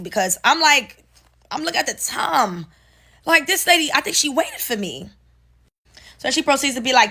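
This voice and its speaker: Animated woman telling a workplace story. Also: sits high, fairly quick, husky. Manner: animated, profane, addresses viewers as y'all. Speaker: storyteller vlogger. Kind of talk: casual storytime monologue.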